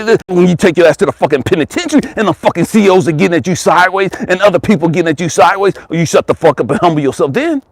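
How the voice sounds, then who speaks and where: Husky, fired-up motivational man. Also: high voice, animated, rapid-fire, few pauses, no echo. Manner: profane, emphatic, repeats phrases, swings from loud to hushed. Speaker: life coach and motivational speaker. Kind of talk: impassioned motivational monologue.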